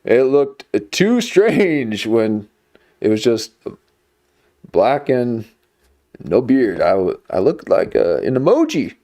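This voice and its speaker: A man's voice: mid-range voice, very animated, takes it slowly, mellow. A man streaming, chatting casually in a rambling, jokey way. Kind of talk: casual chat.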